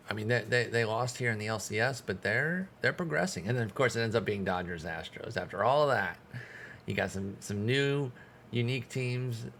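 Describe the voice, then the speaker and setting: A man's voice: fairly low pitch, a bit bright, a little hiss or hum. A man streaming a baseball management game, giving casual commentary in a frustrated, sarcastic way and swearing often.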